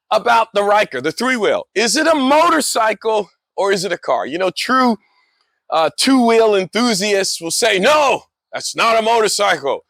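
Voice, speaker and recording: A middle-aged man telling joking stories in a casual monologue, animated, laughing often and repeating words. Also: sits high, dry recording. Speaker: motorcycle vlogger.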